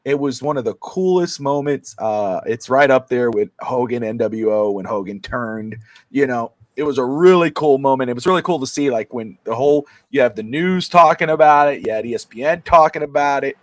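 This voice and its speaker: Male co-host, casual live-stream chat, animated fan energy, medium voice, dry recording. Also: mid-range voice, a little fast, no echo. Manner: excited storyteller, many fillers. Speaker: sports talk show co-host.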